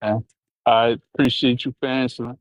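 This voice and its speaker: A man calling in to a talk show, speaking hesitantly with many pauses and ums. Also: medium pitch, level tone, no room sound. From Virginia. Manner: hesitant, halting, full of ums. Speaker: caller. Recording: dull lo-fi call line.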